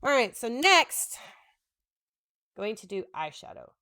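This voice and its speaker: A woman's voice: fairly high pitch, big pitch swings, takes it slowly, sharp tone. A woman in her thirties chatting casually while she does her makeup, rambling and joking about herself, now and then talking to her husband. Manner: rambling, self-deprecating, talks to husband between steps. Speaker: makeup vlogger.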